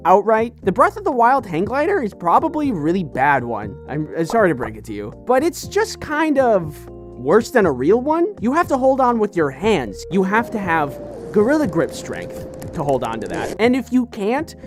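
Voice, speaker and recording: A young woman talks through fan answers with wry, joking asides. Her voice moves in a lively, animated way. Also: medium pitch, normal speed, faint music behind. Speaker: vlogger. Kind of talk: casual commentary.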